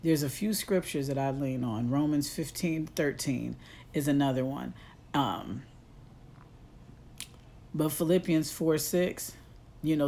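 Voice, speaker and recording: A woman's voice: low voice, warm tone. A woman life coach giving a motivational livestream talk from her phone. She speaks conversationally but with a preachy edge and talks straight to her listeners. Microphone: phone on a live stream.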